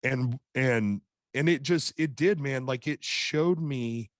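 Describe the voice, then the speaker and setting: A man's voice: mid-range voice, slow pace, dry recording. Middle-aged guy on a podcast, earnest storytelling, keeps restarting sentences, dry close mic. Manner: earnest storytelling with many repeated starts. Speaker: podcast guest, author and coach. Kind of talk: casual chat.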